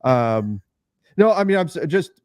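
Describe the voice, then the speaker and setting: A man's voice: fairly high pitch, very animated, measured pace, smooth, dry recording, studio quality. A man co-hosting a sports talk podcast, explaining his view in a conversational way with everyday examples. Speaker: podcast co-host.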